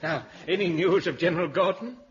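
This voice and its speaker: A man's voice: high-pitched, brisk, natural voice. A man voicing a blustering, boozy old army major in 1950s radio comedy. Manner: blustery, bombastic. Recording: dull 1950s radio broadcast with studio audience laughter.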